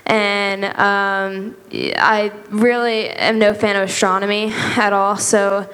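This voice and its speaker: A woman's voice: medium pitch, little pitch movement, slow, fairly bright tone, clear, resonant tone. A teenage girl giving a rambling, earnest testimony at church, with lots of fillers. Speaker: youth group member. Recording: long hall reverb.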